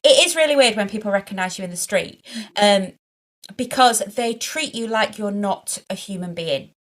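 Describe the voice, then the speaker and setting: A woman's voice: mid-range voice, moderate pace. A woman in her late forties, a vicar, chatting casually on a podcast and acting out other people's lines as she tells stories. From England. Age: late 40s. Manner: animated storyteller, acts out other people's lines.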